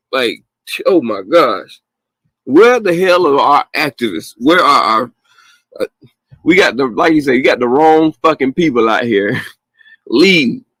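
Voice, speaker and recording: A man's voice: medium pitch, no room sound, low-quality recording. Host, man, heated and profane with frequent laughs, dry close mic. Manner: profane, animated, laughs often. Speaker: podcast host. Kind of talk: casual opinionated chat.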